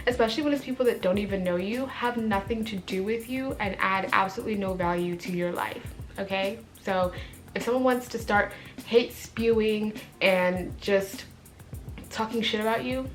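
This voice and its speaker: A young woman vlogger giving casual, blunt life advice in an emphatic, sassy way, often ending points with "okay?". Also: mid-range voice.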